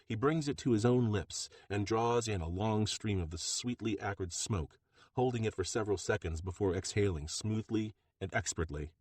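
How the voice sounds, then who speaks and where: Male audiobook narrator, low voice, dry close studio sound, steady delivery. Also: breathy edge, dry recording. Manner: steady, measured storytelling. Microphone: close studio mic.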